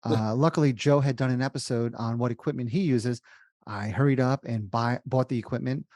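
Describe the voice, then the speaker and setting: A man who invests in real estate, a guest on an interview podcast, telling stories in a lively way and acting out the dialogue. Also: mid-range voice, fairly quick, dry recording, clean studio sound. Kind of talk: casual interview talk.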